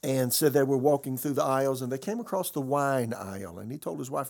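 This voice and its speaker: Gravelly older man preaching earnestly. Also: medium pitch, fairly quick, a little mellow. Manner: earnest storytelling with frequent restarts and repeated words. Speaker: pastor. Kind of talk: conversational sermon podcast.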